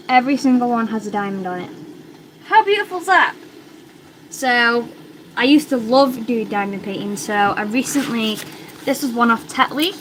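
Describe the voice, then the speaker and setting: A young woman with a British accent, chatting in a rambling, excitable way while she hosts a casual crochet livestream from home. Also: fairly high pitch, noisy background. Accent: British English.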